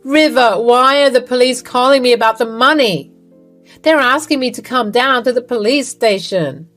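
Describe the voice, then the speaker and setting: A woman's voice: a little high, a little slow, soft background music, voice pushed up, natural voice. A woman voicing a scheming older mother-in-law in a narrated story, indignant and pushy. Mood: panicked.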